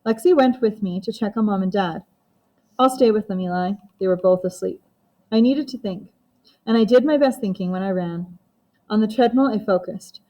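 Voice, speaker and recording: A woman reads a first-person novel aloud with steady, even storytelling. Her voice sits at a medium pitch for a woman, and she keeps the narration plain and measured. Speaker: audiobook narrator.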